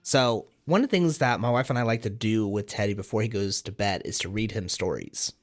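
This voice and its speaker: A man co-hosting a casual podcast, telling family stories in an animated, lively way. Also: on the low side, fairly quick. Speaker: podcast co-host.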